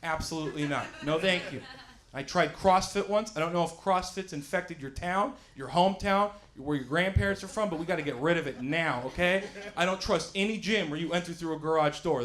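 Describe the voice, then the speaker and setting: A man in his thirties doing a stand-up set on a small stage, self-mocking and often yelling his punchlines. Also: a little high, brisk. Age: 30s. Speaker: stand-up comic and emcee. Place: small studio stage with live audience.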